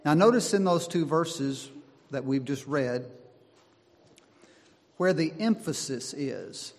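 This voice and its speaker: A man preaching a sermon, slow and deliberate, driving his points home with emphatic repetition. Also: on the high side, expressive. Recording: long hall reverb.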